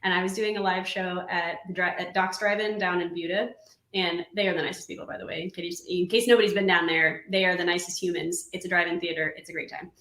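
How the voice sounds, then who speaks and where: A woman's voice: lowish voice, fast. A woman musician talks in an easy, rambling way and laughs often. Her voice carries a roomy echo around it. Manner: giggly and chatty, with lively laughs. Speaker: musician guest. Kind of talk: casual chat.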